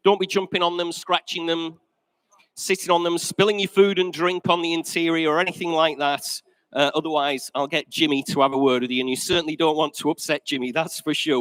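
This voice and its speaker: A man, working as an auctioneer, running through the house rules for a live sale in a friendly, joking way and addressing the room as ladies and gentlemen. His voice sits a little high for a man, and he is slightly out of breath. The sound is close and dry. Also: level tone, a little fast, no echo, low-quality recording. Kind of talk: live auction opening announcements.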